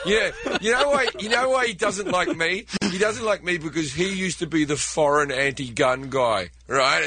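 A man's voice: fairly high pitch, sharp tone, dry recording. An Australian man on a talk show, ranting sarcastically with laughs between points. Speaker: comedian guest.

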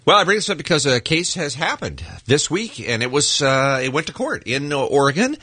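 A man co-hosting a morning radio show, telling a news story with jokey, quick banter. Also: on the high side, big pitch swings, bright, forceful tone, slight background noise.

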